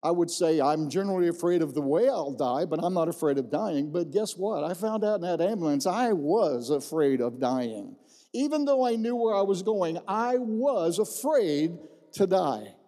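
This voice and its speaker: A man's voice: sits high, lively intonation, normal speed, mellow. A middle-aged man, a pastor, giving his personal testimony as a folksy storyteller who repeats phrases for emphasis. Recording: long reverb in a large hall.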